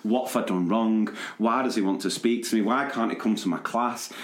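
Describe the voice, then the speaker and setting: A man co-hosting a podcast, telling a funny story in a lively, chatty way and laughing as he goes. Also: on the low side, brisk, a crowd in the background. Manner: animated anecdote-telling with laughter and quoted voices. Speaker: podcast co-host. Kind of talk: casual storytelling chat. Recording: roomy echo.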